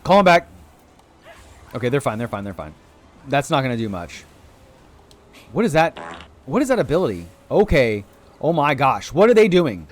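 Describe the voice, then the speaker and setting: Lively excitable male game streamer. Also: normal speed, long pauses. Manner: excitable, chatty, bursts of high-pitched exclamations. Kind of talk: live gameplay commentary.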